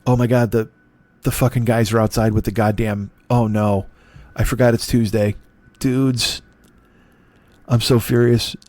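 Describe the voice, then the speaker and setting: A man's voice: lowish voice, flat delivery, moderate pace, darkish tone, dry recording. Male comedy podcast host, solo monologue, sardonic and profane; dry, close sound.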